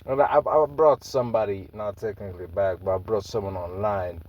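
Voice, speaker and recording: A man's voice: on the low side, fairly quick, lo-fi sound, a little hiss or hum, lightly acted. A man voicing a smug male robot warlord who taunts in a casual, mocking way.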